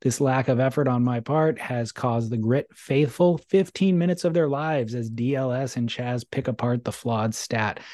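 Podcast co-host, man, wry and joking, mellow voice, dry room sound. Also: mid-range voice, no room sound. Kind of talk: casual chat, reading listener mail.

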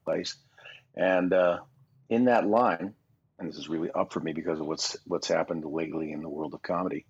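A man in his sixties from Canada talks in a very low, husky voice as a podcast guest. He rambles through self-deprecating anecdotes with plenty of restarts. The recording is dull and lo-fi. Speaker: guest voice actor. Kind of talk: casual podcast interview.

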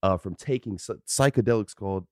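Male co-host, twenties, low voice, dry close mic, reads topics, laughs easily. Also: brisk, darkish tone, no echo. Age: 20s. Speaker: podcast co-host. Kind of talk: casual podcast chat.

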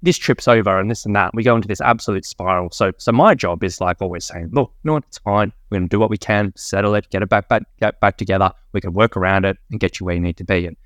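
Australian male guest, low-pitched, quick, dry close sound. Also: a bit bright, no room sound. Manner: fast, enthusiastic storytelling with many fillers. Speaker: guest, personal trainer. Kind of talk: casual podcast chat.

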